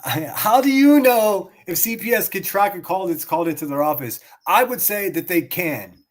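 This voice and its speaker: A man's voice: high voice, animated, normal speed. Sarcastic taunting streamer guy. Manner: sarcastic, taunting, laughs mockingly. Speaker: streamer reacting to clips. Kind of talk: profane mocking rant.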